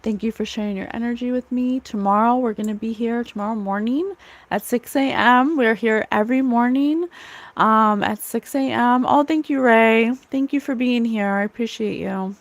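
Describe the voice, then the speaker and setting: A woman's voice: on the high side, normal speed, no room sound. A woman hosting a livestream as a psychic medium, channeling spirits in an emotional, earnest way and laughing often.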